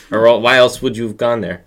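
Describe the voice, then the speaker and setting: A man's voice: medium pitch, steady tone, moderate pace, fairly bright tone. A man on a casual podcast with friends, telling stories and teasing the others dryly. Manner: teasing, dry storytelling. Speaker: podcast co-host. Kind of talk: casual chat among friends.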